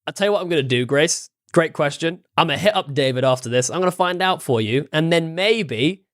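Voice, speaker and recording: A man's voice: fairly high pitch, expressive, a little fast, a bit bright, dry recording, studio quality. A British man in his forties, a podcast guest musing aloud in a playful, rambling way. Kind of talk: casual podcast chat.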